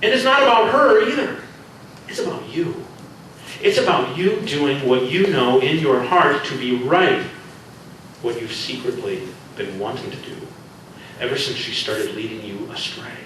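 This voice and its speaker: A man voicing a stern young woman who lectures and scorns, her voice rising shrill, recorded from far off in an echoey room. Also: unhurried, fairly bright tone, a little hiss or hum, close to an everyday voice.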